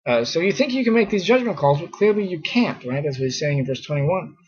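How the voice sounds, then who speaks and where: A man's voice: a little high, lively intonation, fairly quick. A man teaching scripture in a casual, conversational way, full of fillers and mock exasperation. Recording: muffled lo-fi recording.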